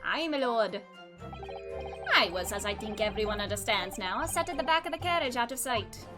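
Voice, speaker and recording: A woman voicing a male witness with an attempted Irish accent, explaining events in a measured way. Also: fairly high pitch, expressive, over music, lightly acted. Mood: calm. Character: male Irish witness, calm and matter-of-fact.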